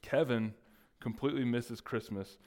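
A man's voice: mid-range voice, steady tone, moderate pace, a little mellow. A man preaching as a pastor, joking and teasing his congregation between points. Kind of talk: sermon with playful asides.

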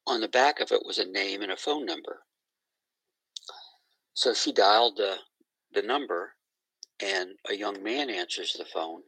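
A middle-aged man, a guest on an interview, retelling a story and quoting others in a lively conversational way. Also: fairly low pitch, husky, no echo, rough recording.

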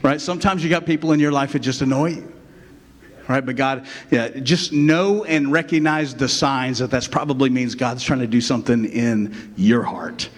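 A man's voice: medium pitch, moderate pace. A man preaching a sermon as pastor in a casual, conversational way, often checking in with the congregation. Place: church. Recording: long reverb of a church hall.

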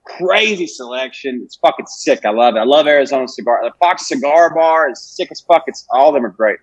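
Profane comedian, dry close sound. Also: male voice, medium pitch, lively intonation, fairly quick, dry recording, dull audio. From Alabama, US. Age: 20s. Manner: profane, rambling storytelling. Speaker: comedian guest. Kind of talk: casual podcast chat.

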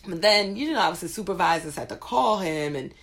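A woman telling a story in casual chat, acting out quotes with big jumps in pitch and laughing often. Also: animated, fairly quick, fairly bright tone.

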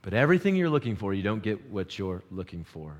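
A man preaching a sermon, shifting from loud urgent peaks to quiet intense lows, with casual slang. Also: sing-song, quick pace, highs cut off.

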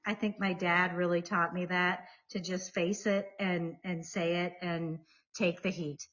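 A woman's voice: lowish voice, level tone, measured pace, a bit bright. Middle-aged woman guest, earnest, pushes her points hard, slightly muffled sound. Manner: earnest and emphatic. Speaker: divorce mediator guest. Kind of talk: casual chat.

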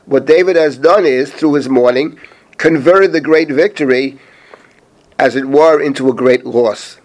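A middle-aged man, a rabbi, teaching a Bible chapter, reading Hebrew verses slowly and then translating and explaining them. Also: mid-range voice, a little mellow. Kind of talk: spoken Bible lesson.

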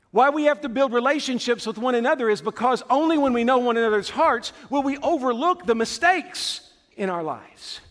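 A man's voice: very high-pitched, fairly bright tone, long reverb tail. A man preaching a fervent sermon as a pastor, emphatic and full of rhetorical questions.

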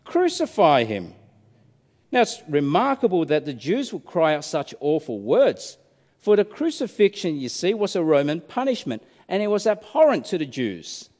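A man's voice: a little high, big pitch swings, normal speed, a little mellow. A male preacher giving a sermon, telling a story dramatically and asking many rhetorical questions. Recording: reverberant hall.

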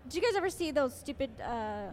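A woman's voice: high voice, very animated, fairly quick, slight background noise. A woman co-hosting a podcast in casual chat, emphatic and opinionated, laughing often. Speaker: podcast co-host.

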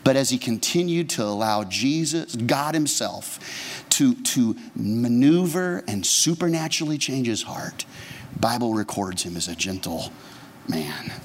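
A man's voice: medium pitch, slight background noise. A man, a pastor, preaching a humorous, conversational sermon and asking the congregation questions. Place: church sanctuary. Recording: long church reverb.

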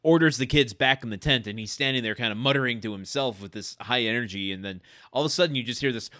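A man co-hosting a movie podcast, retelling scenes in relaxed, casual storytelling. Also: fast, no echo, studio quality. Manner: relaxed storytelling, lively swings in pitch. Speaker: podcast co-host. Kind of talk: casual movie review chat.

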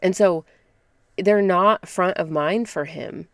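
A woman's voice: on the low side, slow pace, no echo. Woman, thirties, podcast host, casual and direct, laughs often, dry sound. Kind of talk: casual motivational talk.

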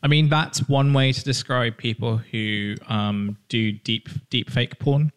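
A man's voice: mid-range voice, unhurried, smooth. A man on a comedic podcast making sweary, mocking asides. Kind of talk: casual comedic podcast chat.

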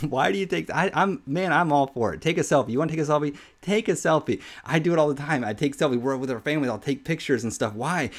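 A man in his thirties giving an informal podcast sermon, earnest and conversational, often saying "man" and repeating himself. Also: fairly high pitch. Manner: earnest, conversational, says "man" often, with repetitions and little laughs. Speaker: podcast Bible teacher.

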